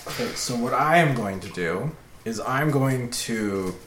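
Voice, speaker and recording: A man's voice: medium pitch, expressive, unhurried, fairly bright tone. A man playing a tabletop game, eagerly pushing the group to grab the loot. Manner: eager, pushy about looting. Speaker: player. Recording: echoey room, faint noise.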